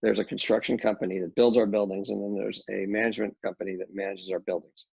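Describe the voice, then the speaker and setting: A man's voice: on the low side, little pitch movement, quick pace, gravelly, darkish tone, slightly rough, no room sound. A middle-aged man, a real estate developer, talking casually in an interview with many restarts and fillers. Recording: dull lo-fi dry audio.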